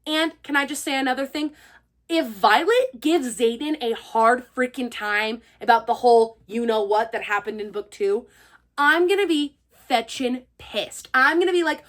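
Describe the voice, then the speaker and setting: A young woman who hosts a book channel, chatting casually and excitedly to her viewers. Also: on the high side, moderate pace. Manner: gushing and chatty, full of fillers. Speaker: book reviewer and channel host. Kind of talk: casual chat to camera.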